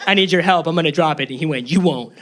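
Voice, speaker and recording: A young man performing stand-up comedy on a club stage, nervous and self-deprecating, jumping into squeaky tones for punchlines. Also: quick pace, fairly bright tone, slight background noise. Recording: live crowd laughing. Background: audience laughter.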